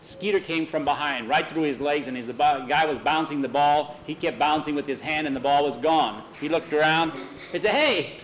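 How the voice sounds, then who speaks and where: A man telling a sports story in a folksy, animated way, with many "he said"s. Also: on the high side, fairly quick, a little hiss or hum, rough recording. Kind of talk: told story narration.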